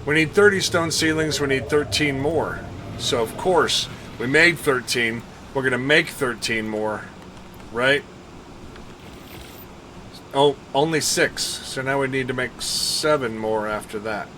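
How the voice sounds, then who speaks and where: A man streaming a game live, chatting casually with viewers, thinking and counting out loud and laughing often. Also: medium pitch, a little slow, background noise. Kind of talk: casual gameplay commentary.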